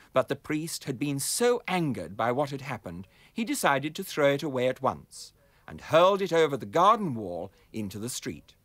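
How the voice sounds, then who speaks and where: A man reading a children's fairy tale aloud as narrator, in an expressive, sing-song storytelling manner. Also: medium pitch, dry recording.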